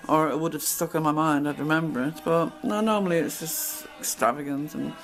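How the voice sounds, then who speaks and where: A woman's voice: low-pitched, a little fast, soft background music, poor audio. A middle-aged woman telling stories from her past in a casual, blunt monologue. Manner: chatty, blunt, acts out quoted exchanges. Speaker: channel host.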